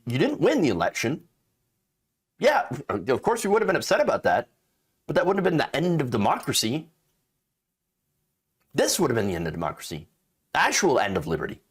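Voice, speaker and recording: Male political commentator, sarcastic and indignant, pitch jumps a lot, fairly high voice. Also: husky. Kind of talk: opinion commentary reading news.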